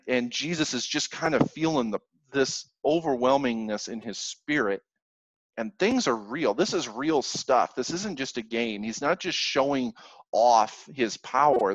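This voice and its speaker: A man's voice: medium pitch, dry recording, poor audio. Earnest man preaching a sermon. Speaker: pastor. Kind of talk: sermon with scripture reading.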